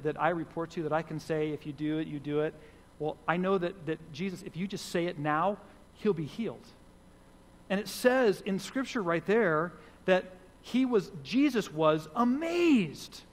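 A man preaching a sermon as pastor, earnest and repeating key phrases for emphasis. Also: sits high. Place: church sanctuary. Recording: long hall reverb.

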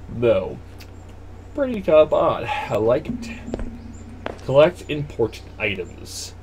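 A man's voice: a little high, very animated, measured pace, pauses often, slight background noise. A young man hosting a horror game playthrough, joking and rambling animatedly. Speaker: let's play host.

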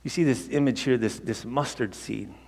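A man's voice: mid-range voice, moderate pace, gravelly, breathy edge. Preaching man in a reverberant hall. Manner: conversational, animated storytelling with repeated restarts. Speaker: pastor. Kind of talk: sermon. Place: church sanctuary.

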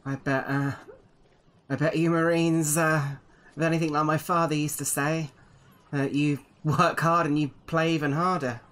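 A man voicing a brash young woman who boasts she can outdrink anyone, in a bright voice. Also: on the high side, level tone, moderate pace, voice pushed up, lightly acted. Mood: boastful. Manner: brash, bragging.

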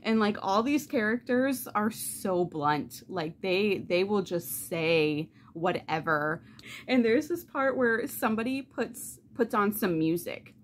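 Woman vlogger rambling about a book, lots of "like" and cussing, animated, mid pitch, faint hiss behind. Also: slow pace. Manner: animated, swears freely, heavy use of "like". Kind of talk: casual reading vlog chat.

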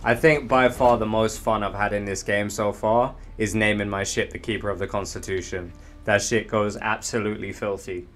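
A young man chatting casually while gaming on his stream, joking and swearing, yelling during fights. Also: lowish voice, steady tone, moderate pace, soft background music.

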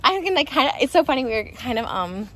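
A woman's voice: high voice, very animated, fast, a bit bright. Giggly chatty American woman vlogging. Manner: giggly, chatty, lots of fillers. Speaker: vlog host. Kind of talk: casual chat while walking. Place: outdoors on a street.

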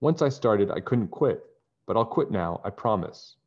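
A man's voice: on the low side, animated, normal speed, a little mellow, slightly rough. A man voicing a guilty, sheepish young boy who confesses what he did, on a dull lo-fi recording.

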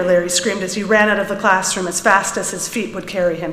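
A woman reading a children's story aloud in an animated way at a service, then drawing a lesson from it for the congregation. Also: mid-range voice, fairly quick, few pauses. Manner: animated storytelling, lively voices for characters. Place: large sanctuary. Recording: echoey hall, from a room mic.

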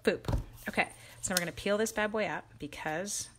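Speaking fairly quickly in a mid-range voice, this crafting livestream host chats with viewers, calling them by name. She pokes fun at her own slip-ups while working, with slight background noise in the audio.

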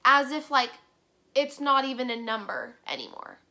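Bright-voiced chatty teen girl. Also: sits high, big pitch swings, normal speed. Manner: chatty, fillers, quotes others in dialogue. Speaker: vlogger. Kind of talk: casual storytime.

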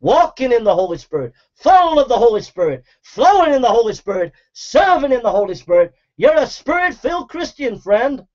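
Man, fiery preacher, high-pitched, repetitive and shouting, muffled lo-fi recording. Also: big pitch swings, a little fast, hardly any pauses. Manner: forceful, repetitive exhortation with shouted calls to repent. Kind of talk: fiery street-style sermon. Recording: dull lo-fi recording.

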